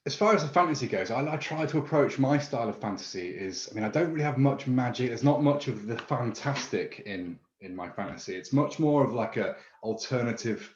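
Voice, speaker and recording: A man's voice: mid-range voice, animated, fairly quick, hardly any pauses, slight background noise. A man talking eagerly as an author guest, rambling with lots of fillers. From England. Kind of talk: casual conversation. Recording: roomy, dull-sounding call audio.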